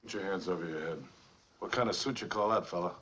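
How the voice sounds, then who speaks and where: A gruff, rapid-fire army colonel. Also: male voice, deep voice, fairly bright tone, a little hiss or hum. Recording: muffled old film soundtrack.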